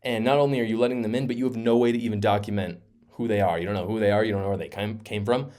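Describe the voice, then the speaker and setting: A man's voice: lowish voice, steady tone, very fast, a little mellow. A man hosting a political commentary video, heated and sarcastic, hammering his points with repetition. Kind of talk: opinion commentary vlog.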